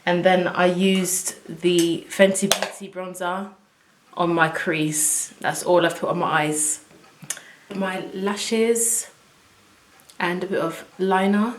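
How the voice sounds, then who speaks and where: A woman chatting to viewers as she works through a casual makeup tutorial at home, excitable and talking as she goes. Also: on the low side, slow, slight background noise. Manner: chatty, excitable, talks to viewers while working. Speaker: beauty vlogger. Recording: echoey room.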